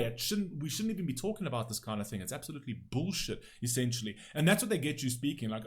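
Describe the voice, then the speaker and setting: A man's voice: fairly high pitch, very animated, quick pace, few pauses. A man hosting a music reaction video, giving blunt, emphatic commentary with frequent swearing and "right?" tags.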